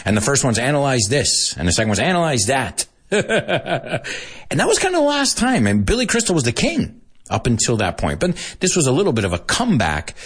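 A man with a medium-pitched, slightly rough voice talks fairly quickly as he teaches English using a film scene. Animated and chatty, he switches between English and Spanish, dropping into Spanish to explain words.

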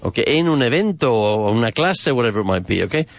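Lively male English teacher. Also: mid-range voice, quick pace, faint music behind. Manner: repeats phrases, drills questions, enthusiastic. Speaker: English teacher and podcast host. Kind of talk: podcast grammar lesson with Spanish asides.

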